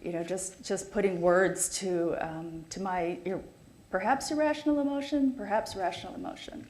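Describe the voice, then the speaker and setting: A woman's voice: mid-range voice, moderate pace, darkish tone. Reflective woman in an echoey room. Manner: hesitant, reflective, many fillers. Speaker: carepartner panelist. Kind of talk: panel talk.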